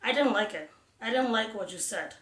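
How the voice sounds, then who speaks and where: Female reader voicing a calm middle-aged mother, low-key and soft, in an echoey room. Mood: quietly calm. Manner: soft, quiet and measured. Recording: roomy echo.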